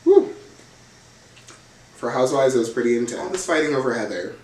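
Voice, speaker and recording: A man's voice: medium pitch, animated, brisk, darkish tone, distant mic. A man hosting a casual reality TV recap, telling the drama in a gossipy, profane, dramatic way. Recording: roomy, from off the mic.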